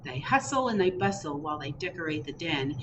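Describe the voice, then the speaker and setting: A woman librarian reading picture books aloud at storytime, expressive, with chatty asides in a public library. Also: sits low, brisk, a little hiss or hum, poor audio. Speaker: children's librarian. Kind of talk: picture book read-aloud.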